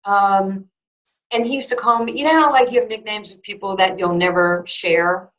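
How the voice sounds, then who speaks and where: A woman in her sixties recounts a personal story in an interview, lively and animated. She restarts her sentences often and acts out both sides of each conversation. The recording sounds a little dull and lo-fi. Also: mid-range voice, normal speed. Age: 60s. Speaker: former basketball player and sports broadcaster. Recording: slightly dull lo-fi audio.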